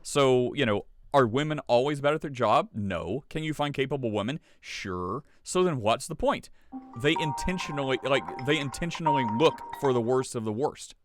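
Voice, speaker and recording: Lively sarcastic male podcast host. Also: mid-range voice, moderate pace, over music. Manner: sarcastic, laughs often, animated asides. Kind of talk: casual podcast chat.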